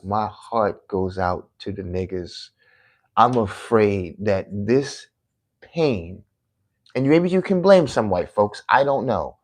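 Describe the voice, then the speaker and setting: A man with a New York accent talking casually on a livestream, preachy and heated, going from low murmurs to loud rants. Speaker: livestream host. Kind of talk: casual livestream monologue reading chat.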